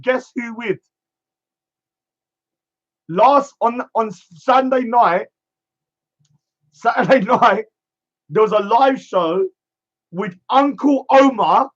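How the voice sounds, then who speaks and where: A man's voice: very high voice, slow, long pauses, muffled recording. A man delivering a scornful, emphatic rant, drumming home one catchphrase again and again. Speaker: streamer. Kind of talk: ranting monologue.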